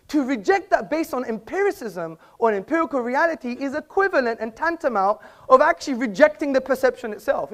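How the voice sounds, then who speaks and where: A man giving a formal debate speech in an auditorium, combative and pointed, quoting sources at length. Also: high-pitched. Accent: British. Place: auditorium with an audience.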